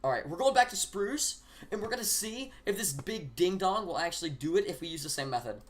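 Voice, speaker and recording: Man streamer with lively, bouncing intonation. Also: high voice, brisk, a little hiss or hum. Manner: teasing, deadpan requests, occasional laughing asides. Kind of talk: casual live-stream banter.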